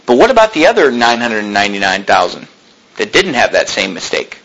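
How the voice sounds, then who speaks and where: Husky preaching man, lively pitch. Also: brisk, low-quality recording. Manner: preaching with rising emphasis, voicing imagined objections. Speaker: pastor. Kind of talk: sermon.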